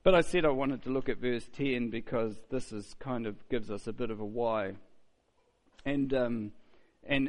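Aussie guy preaching, chatty, asks the crowd questions, acts out quotes, medium pitch. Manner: conversational, with rhetorical questions and mock quotes. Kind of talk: sermon.

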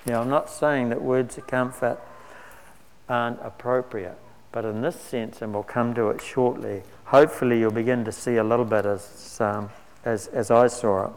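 A man preaching a sermon in a measured, earnest way, lifting his voice on key words. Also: medium pitch, fairly even intonation. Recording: long hall reverb.

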